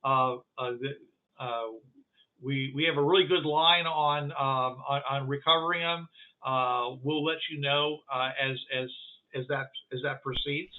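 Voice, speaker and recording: An apologetic, reassuring military captain, played by a man, explains things in a halting way, full of pauses and filler sounds. His voice sits at an ordinary pitch and comes through a thin, phone-like line. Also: steady tone, lightly acted.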